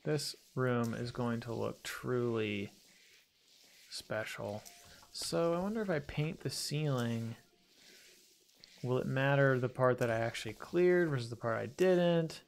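A man's voice: medium pitch, unhurried, creaky, a little hiss or hum. A man hosting a casual let's-play video, chatting and muttering to himself as he plays, joking at his own mistakes. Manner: chatty, self-deprecating, talks to himself while playing. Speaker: gaming video host.

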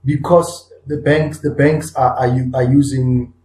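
A man's voice: mid-range voice, steady tone, unhurried, darkish tone. A man co-hosting a podcast, talking earnestly and building up points with repeated restarts and emphatic rises. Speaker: podcast co-host. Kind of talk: conversational discussion. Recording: echoey room.

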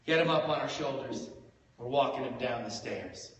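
Animated storyteller man in an echoey hall. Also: mid-range voice, normal speed, slight background noise. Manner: animated, swinging from hushed to loud for effect. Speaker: storyteller on stage. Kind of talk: live comedic storytelling. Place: live venue hall. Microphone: phone stream from the audience. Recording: echoey hall from far off, faint ambience.

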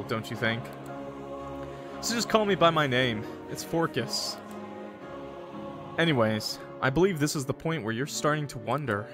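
A man's voice: medium pitch, lightly acted. Man voicing Forcus, a smug cocky angel. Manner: playful, drawling, sly. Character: smug male guardian angel, cocky, teasing. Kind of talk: voicing game dialogue.

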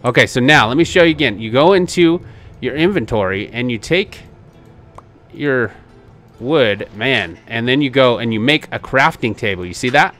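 A man giving excitable gameplay commentary as a channel host, laughing often and coaxing the other players with reassurance. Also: mid-range voice, normal speed, soft background music.

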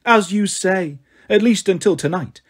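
Man as an old deposed warrior queen, taunting and scheming, raised pitch, husky. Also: a little slow. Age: older. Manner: mocking, taunting.

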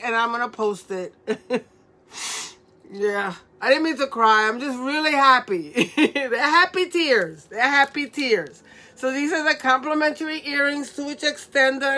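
Woman, middle-aged, live jewelry seller, teary and giggly, affectionate, bright voice. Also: high voice. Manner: tearful and laughing through words; affectionate, calls viewers mamacita. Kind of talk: emotional live-stream sales chat.

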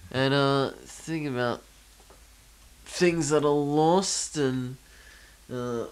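A man's voice: mid-range voice, takes it slowly, clear, resonant tone. A man co-hosting a podcast in casual chat. He tells rambling stories and swears freely. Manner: laid-back, swearing, rambling storyteller. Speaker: podcast co-host.

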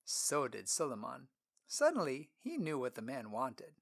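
A man narrating an audiobook story in a clear, expressive storytelling manner. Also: mid-range voice, unhurried.

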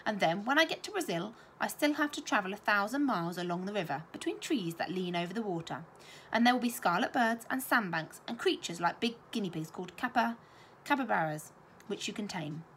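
A woman voicing a polite, hopeful young schoolgirl, in a storybook reading with lively pitch. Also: fairly quick, slight background noise, natural voice. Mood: eager.

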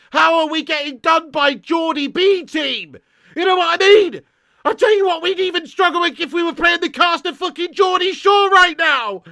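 A man's voice: very high voice, no echo, clean studio sound. A young man, ranting and swearing as he reacts live to a football match. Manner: ranting, sweary, shouting in frustration. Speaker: football fan streamer.

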